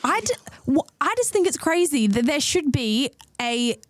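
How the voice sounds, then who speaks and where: A woman's voice: sits high, very animated, moderate pace, no echo. A young woman co-hosting a casual chat, speaking bluntly and casually. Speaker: co-host.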